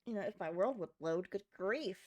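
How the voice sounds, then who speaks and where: A woman's voice: mid-range voice, animated, moderate pace, a little mellow. A woman streaming a game in a casual, rambling way, sounding sleepy after just waking up and chatting with her viewers.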